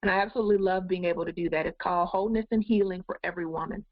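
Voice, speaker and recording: A woman's voice: fairly low pitch, fairly even intonation, rapid-fire, no echo. Woman life coach, encouraging webinar host, muffled dry webcam sound. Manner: encouraging, addresses viewers directly. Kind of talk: live goal-setting webinar talk.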